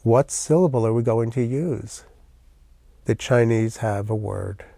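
A man's voice: mid-range voice, unhurried, vocal fry, dark tone, no echo, clean studio sound. A man teaching a classroom language lesson, patiently explaining step by step with memory aids.

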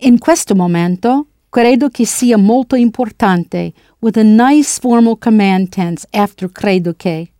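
Mellow woman teaching a language lesson. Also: medium pitch, unhurried, few pauses, no echo, clean studio sound. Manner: clear, playful, spells words out letter by letter. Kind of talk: scripted lesson narration.

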